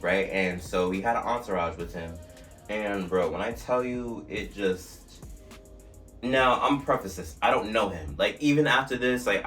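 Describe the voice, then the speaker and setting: A young man from New Jersey telling a story on his vlog in an animated, slangy way with swearing. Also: low-pitched. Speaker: vlogger. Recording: distant mic with faint music.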